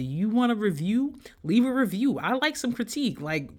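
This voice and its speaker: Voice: medium pitch, sing-song, normal speed, darkish tone. Fired-up young podcaster, swears constantly, lectures the audience head-on. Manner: profane, heated ranting; direct address to listeners. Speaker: podcast host. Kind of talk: solo podcast rant.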